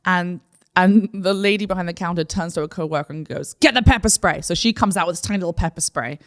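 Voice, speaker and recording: Fast-talking New woman storyteller. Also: fairly low pitch. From New York City. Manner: animated storyteller, acts out quoted voices. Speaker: podcast co-host. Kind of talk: casual storytelling chat.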